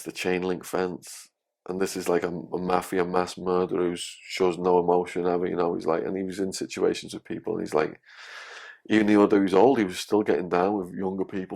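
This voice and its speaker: A man telling his story as a podcast guest, animated and swearing freely. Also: low-pitched, vocal fry.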